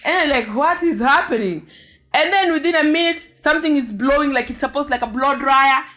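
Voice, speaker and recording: A young woman from Africa telling a story casually, animated and acting out sounds with her mouth. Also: high voice, fast talker. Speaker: vlogger.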